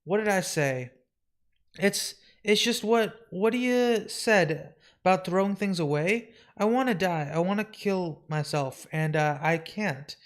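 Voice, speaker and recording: A man reading a comic book aloud live, voicing a sad, lonely shapeshifting woman who stammers and hesitates as she talks of wanting to die. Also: high-pitched. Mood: despairing. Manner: halting, stammering, despairing.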